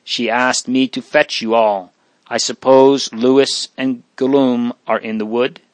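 An earnest teenage boy, as a man reads him in a storybook. He speaks in a calm, gentle, reassuring way. The sound is dry and close. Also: medium pitch, slow pace, no room sound, close to an everyday voice.

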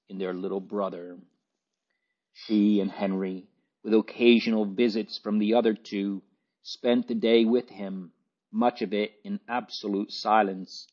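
A man reading a novel aloud as an audiobook narrator, in a measured, even storytelling manner. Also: lowish voice. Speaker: audiobook reader. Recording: dull lo-fi recording.

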